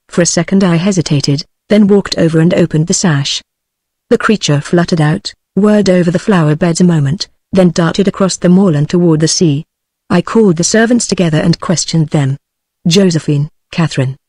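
A text-to-speech woman's voice with a British English accent, reading a novel aloud as narrator in an even, steady way. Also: on the low side, no room sound. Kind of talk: synthetic audiobook narration.

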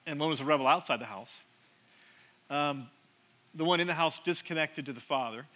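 A man's voice: on the high side, moderate pace, bright, forceful tone. A man around sixty preaching a conversational sermon from a church stage, joking and self-deprecating, often restarting his sentences. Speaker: pastor.

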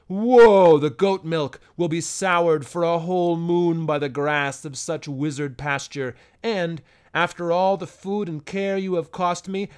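A man voicing a half-senile old goatherd who scolds and wails in a loud, trembling voice for an audiobook. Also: on the high side, clean tone, natural voice. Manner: wailing, cursing, loud and trembling. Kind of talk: audiobook character voice.

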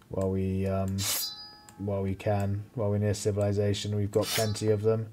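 Excitable sweary man narrating gameplay. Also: lowish voice, normal speed, music in the background. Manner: excitable, swears a lot, mocks enemies. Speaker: let's play host. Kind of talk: gameplay commentary.

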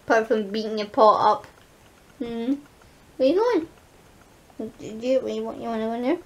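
Young woman, high voice, casual vlogger, giggly. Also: animated, moderate pace, highs cut off. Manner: talks sweetly to her pet, giggly, frightened asides. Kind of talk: casual vlog chat.

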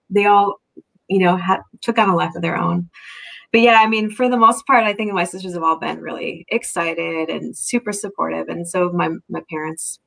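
A novelist on a video call reads a passage from her book before answering questions in a chatty way, with frequent laughter, fillers and false starts. She speaks in a lowish, creaky voice that sounds a bit bright.

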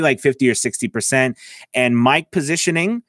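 A man giving a casual voice-over lesson, talking into a close mic and filling pauses with "all right" and "okay". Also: medium pitch, a bit bright, dry recording. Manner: chatty, lots of "all right" and "okay" fillers. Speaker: voice-over coach. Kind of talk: casual tutorial talk. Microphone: close mic, about six inches away.

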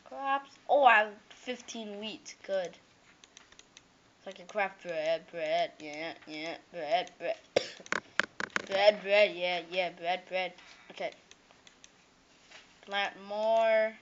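Woman gamer narrating her play, slow-paced and fairly high, chatty and excitable, dull lo-fi mic. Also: slight background noise. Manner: chatty, excitable, jokey, with sing-song repetitions. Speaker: gameplay commentator. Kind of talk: casual game commentary.

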